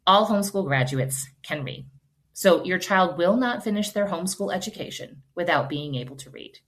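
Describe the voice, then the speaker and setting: A woman in her forties talks to the listener in an earnest, reassuring way, sounding like a mom who has been through it. Her voice sits slightly low for a woman. She chats casually, with fillers like "you know" and "like". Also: expressive, normal speed, a bit bright. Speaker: homeschool podcast host. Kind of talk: casual advice talk.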